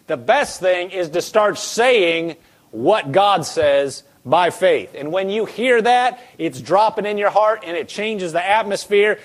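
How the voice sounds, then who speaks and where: A male pastor preaching with a high voice. He is emphatic and repeats key lines for his congregation to echo back, shifting between slow readings and quick asides. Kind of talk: sermon.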